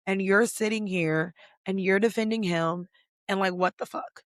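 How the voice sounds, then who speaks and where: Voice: medium pitch, steady tone, moderate pace, no room sound, studio quality. A podcast host doing a casual pop culture recap, ranting bluntly and profanely, with lots of "like" fillers. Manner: filler-heavy with many "like"s.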